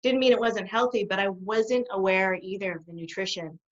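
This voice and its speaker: Brief: mid-aged woman guest, lively storyteller, laughs easily, middle pitch, lo-fi audio. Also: brisk. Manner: animated storytelling, laughs often. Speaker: guest, behaviour specialist. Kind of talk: conversational interview. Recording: dull lo-fi sound.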